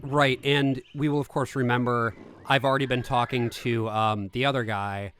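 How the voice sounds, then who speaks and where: A man streaming a game, casually chatting and reading its text aloud in a relaxed, amused way. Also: mid-range voice, normal speed, a little hiss or hum.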